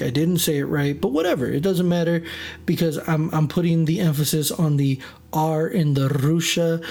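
A podcast host tells a personal story solo in a casual, rambling way, self-deprecating and drifting into side topics. His voice is a little high and a little mellow.

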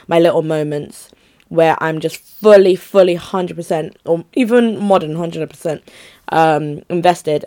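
A woman's voice: sits low, darkish tone. A young woman, chatting casually and rambling to her viewers, often breaking off mid-sentence. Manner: chatty, rambling, self-interrupting. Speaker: vlogger.

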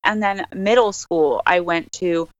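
A woman's voice: on the low side, measured pace, no room sound, lo-fi sound. A young woman from northern New Jersey, a podcast guest who chats casually, says "like" often and laughs easily. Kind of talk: casual interview chat.

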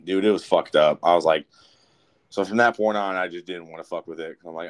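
A young man co-hosting a casual talk show, telling a rambling, profane story in an animated way. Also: low-pitched, brisk. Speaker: podcast co-host.

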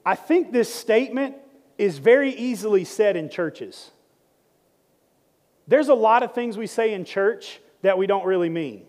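A man preaches in a church with a high, bright-pitched voice, moving between soft prayer and playful teasing of his congregation. His words ring out with a long reverb from the hall around him. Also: a little slow. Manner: lively, joking preacher who prays and teaches. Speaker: pastor. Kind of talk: sermon. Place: church sanctuary.

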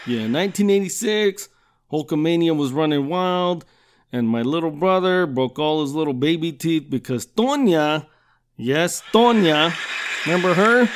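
A man's voice: a little high, lively intonation, normal speed, a little hiss or hum. Profane, rambling podcast host man. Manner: swears constantly, repeats you know what I'm saying. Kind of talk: profane comedic storytelling.

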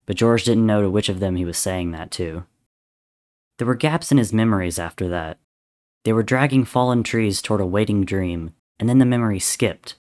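Male storyteller, lower voice, measured dramatic reading. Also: darkish tone. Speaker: narrator. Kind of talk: reading fan fiction aloud.

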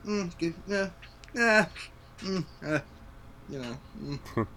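A man's voice: high-pitched, animated, slow pace, bright, forceful tone, a little hiss or hum. A young adult man hosting a podcast, chatting casually and reflectively, swearing freely. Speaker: podcast host. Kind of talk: casual chat.

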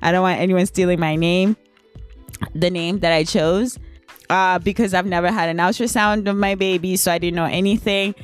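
On her vlog, a young woman relaxedly shares a personal story at a moderate pace and a steady tone, with faint music underneath. She laughs a lot, and her voice leaps upward whenever she acts out moments of shock.

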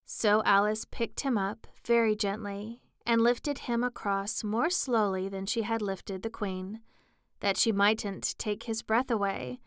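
A woman narrating a storybook as an audiobook, in a slow, even storytelling manner. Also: mid-range voice, clear, resonant tone, no echo, studio quality. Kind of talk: audiobook reading.

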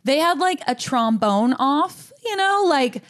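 A woman's voice: sits high, sing-song, unhurried, a bit bright. A young woman doing a stand-up comedy set on a podcast, telling a story with a lot of laughter and voiced asides.

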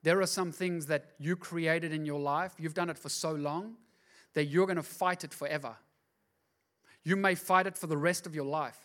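A man preaching a sermon as a pastor, swinging from hushed asides to loud, driving repetition. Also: on the high side, fairly even intonation, moderate pace. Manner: repeats words for emphasis.

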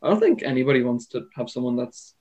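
A young man co-hosts a laid-back podcast chat. He talks things through slowly in his head out loud, hedging with fillers as he weighs each story. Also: mid-range voice, very animated, dull audio. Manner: reflective, hedging with "like" and "I don't know". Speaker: podcast co-host. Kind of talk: casual chat.

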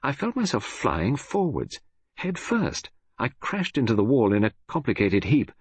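A man narrating an audiobook in an expressive storytelling manner. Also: mid-range voice, measured pace, slightly rough, no echo. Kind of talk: scripted narration.

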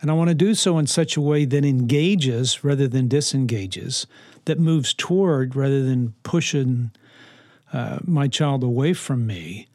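A man's voice: medium pitch, a little slow, a little mellow, no echo. Earnest man giving parenting advice, dry. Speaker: parenting speaker. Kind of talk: reflective advice talk.

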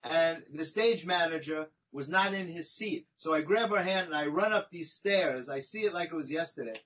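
A man, a podcast guest, telling a long personal story in a chatty, animated way, often tagging his sentences with "right?" and "you know?". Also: a little high, normal speed, slightly rough, low-quality recording. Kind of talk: conversational storytelling.

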